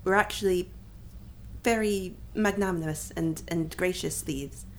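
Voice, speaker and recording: A woman with a fairly low voice talks very slowly and hesitantly as a player in a tabletop game. Faint hiss sits behind her. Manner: slow, hesitant with ums.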